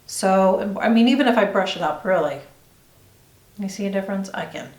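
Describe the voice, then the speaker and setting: A middle-aged woman talks through her makeup routine for a vlog in a mid-pitched voice, rambling along in a confiding, reassuring tone. She is recorded in a room with a noticeable echo. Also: moderate pace, a little mellow. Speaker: beauty vlogger. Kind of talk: chatty get-ready-with-me vlog. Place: indoors at home doing her makeup on camera. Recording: roomy echo.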